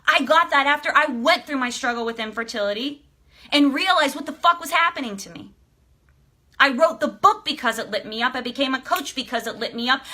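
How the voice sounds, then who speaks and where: A woman coach on a live stream with a bright, forceful voice pitched a little high. She talks emotionally and excitably, swears freely and throws motivational questions at her audience. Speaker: life coach and author. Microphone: streaming live to viewers.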